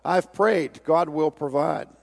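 A man's voice: fairly high pitch, slow pace, gravelly, exaggerated voice. A man putting on a stubborn old-timer. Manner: insistent, repetitive. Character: stubborn old man, sure God will save him. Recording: reverberant church hall.

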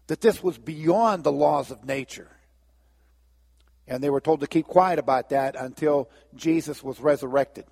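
A man preaching a sermon as pastor, telling a story and acting out the characters' lines in lively voices. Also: mid-range voice, breathy edge, in a large hall. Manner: storytelling, acts out biblical dialogue with lively voices.

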